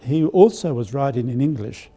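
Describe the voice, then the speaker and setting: An older Australian archbishop telling personal stories in a live-streamed spiritual talk, with a gentle anecdotal manner and many fillers. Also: male voice, mid-range voice, lively intonation, normal speed, husky. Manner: warm anecdotal, hesitant with fillers.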